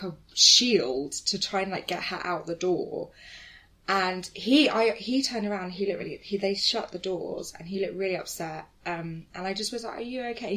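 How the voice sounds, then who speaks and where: Woman, podcast co-host, animated storyteller who acts out quotes. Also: mid-range voice. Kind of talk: casual chat.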